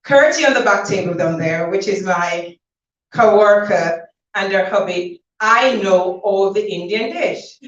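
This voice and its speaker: A woman giving a chatty, laughing thank-you speech to guests at her book launch, telling lively stories. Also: mid-range voice. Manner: chatty, laughing, animated storytelling. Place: event hall. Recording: dull, roomy, from far off.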